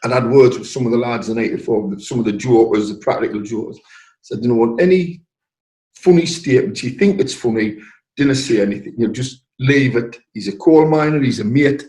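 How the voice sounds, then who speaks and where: Brief: older man, North East English accent, mid pitch, anecdotal interview in a roomy space. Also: brisk. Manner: lively storyteller acting out quoted voices. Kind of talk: anecdotal storytelling. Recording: roomy echo.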